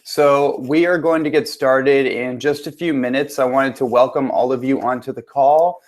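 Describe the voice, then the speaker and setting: A man's voice: medium pitch, fairly even intonation, normal speed. A man, a transformation coach, hosting a live online webinar with an upbeat manner, greeting viewers and checking that they can hear him.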